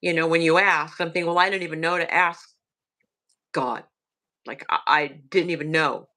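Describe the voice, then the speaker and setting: A woman with a Southern US accent casually recounting a ghost story, hushed and halting with many fillers. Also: low-pitched, steady tone.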